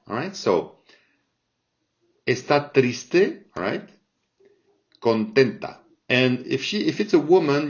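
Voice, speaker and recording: A man gives a slow, patient language lesson, often pausing to check in with "all right?" He speaks at a mid pitch and an unhurried pace. The recording sounds dull and lo-fi. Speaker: Spanish teacher.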